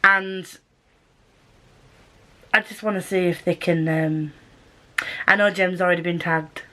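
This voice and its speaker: A woman with a soft Scottish accent chatting casually in a sit-down vlog, giggly and self-deprecating. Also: fairly low pitch, fairly even intonation, slow. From Scotland. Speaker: booktuber.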